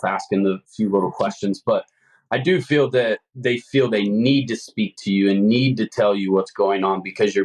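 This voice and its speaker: A man's voice: lowish voice, poor audio. A man talking as a guest salesman in a casual interview, earnest and rambling with lots of fillers. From Ohio. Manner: earnest, rambling, many "you know" fillers. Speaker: home services salesman, guest.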